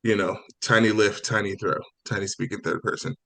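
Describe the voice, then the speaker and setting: Male player, lower register, easygoing, slow and rambling delivery. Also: steady tone, vocal fry, a bit bright. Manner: slow, laid-back with fillers like "you know". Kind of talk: casual tabletop play.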